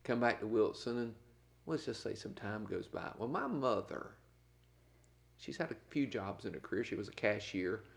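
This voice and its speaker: A middle-aged man from North Carolina, an animated storyteller laughing through a casual podcast chat as co-host. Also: lowish voice, normal speed, creaky.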